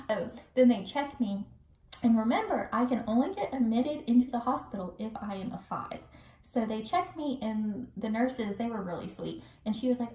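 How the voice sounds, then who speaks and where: A young woman casually telling a personal story to the camera, chatty and animated, acting out what people said. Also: a little high, normal speed. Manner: chatty, animated, acts out quotes with laughs. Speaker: vlogger telling her birth story. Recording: roomy echo, recorded from a distance.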